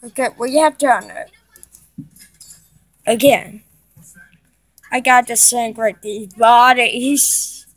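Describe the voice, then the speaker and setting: A woman giving excitable gameplay commentary to her viewers, often breaking into panicked shrieks. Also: a little high, takes it slowly, pauses often, no room sound. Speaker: gaming video creator.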